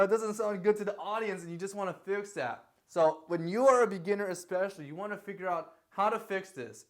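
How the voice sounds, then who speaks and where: A young man giving a casual singing lesson, talking in a chatty way and often checking in with a quick "okay?". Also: high voice. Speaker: singing teacher.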